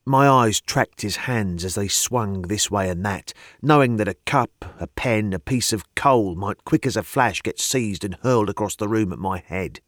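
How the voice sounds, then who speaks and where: A man narrating a historical novel as an audiobook, measured and storytelling. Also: on the low side, dry recording, studio quality. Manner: measured storytelling, lively intonation.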